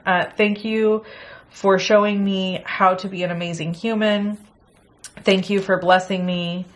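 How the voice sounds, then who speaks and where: A middle-aged woman casually chatting through a crafting unboxing, excitable and gasping at pretty pieces. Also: medium pitch, measured pace. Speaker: crafting channel host.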